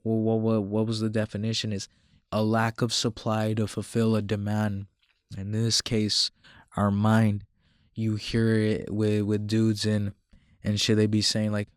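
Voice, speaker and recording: A man's voice: lowish voice, completely flat delivery, measured pace, clean tone, no echo, studio quality. A man talking casually to camera, slangy and profane, repeating himself and mocking others in quoted asides. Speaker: self-improvement commentator.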